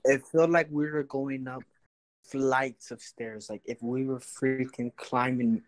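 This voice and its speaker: A man's voice: mid-range voice, level tone, takes it slowly, dry recording, low-quality recording. A man, a guest on an interview show, earnestly adding details to his friend's story in casual talk. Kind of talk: casual chat.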